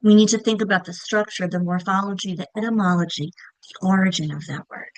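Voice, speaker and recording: A woman's voice: medium pitch, steady tone, a little fast, no room sound, rough recording. A woman teacher trainer giving a recorded presentation, explaining step by step, sounding out example words and checking in often.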